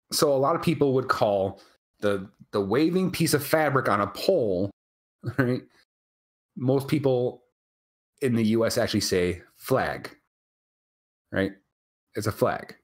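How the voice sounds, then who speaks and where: A man's voice: mid-range voice, expressive. A man with a Wisconsin accent co-hosting a casual live chat show. He laughs often and keeps checking in with "right?". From Wisconsin, USA. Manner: chatty, laughs often, fills pauses with "um" and "right?". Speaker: co-host.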